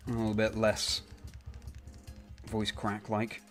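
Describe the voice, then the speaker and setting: A man's voice: on the low side, monotone, slow, soft background music. A young man chatting casually on a live stream, rambling and correcting himself as he answers viewers by name.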